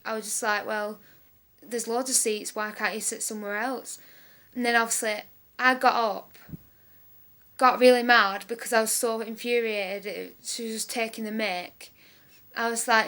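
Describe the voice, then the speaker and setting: A young woman recounts a story to camera in a casual vlog. Her voice stays level and even, with little rise and fall. She rambles, circles back and leans on fillers. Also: on the high side, moderate pace. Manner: rambling, repeats herself, many fillers. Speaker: vlogger.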